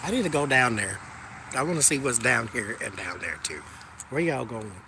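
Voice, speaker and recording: A man's voice: medium pitch, a little fast. Man walking and chatting outside, joking around, voice jumps all over, bit of traffic noise. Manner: animated, joking, talks to viewers as "y'all". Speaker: tarot reader chatting with live viewers. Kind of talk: casual chat while walking outdoors.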